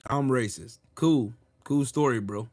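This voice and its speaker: A man's voice: medium pitch, unhurried, a little mellow. A male channel host delivering a ranting commentary, combative and mocking, with heavy profanity.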